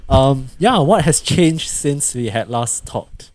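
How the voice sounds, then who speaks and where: A man's voice: medium pitch, slow, no echo. Singaporean man hosting a casual podcast. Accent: Singaporean English. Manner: relaxed, chatty, with frequent fillers and laughs. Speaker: podcast host. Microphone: video call over the internet.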